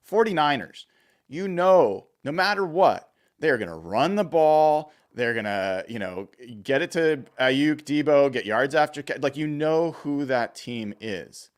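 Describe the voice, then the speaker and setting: A man's voice: a little high, animated, a little slow. A man hosting a sports podcast, asking long, rambling questions full of fillers in casual talk. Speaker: podcast host.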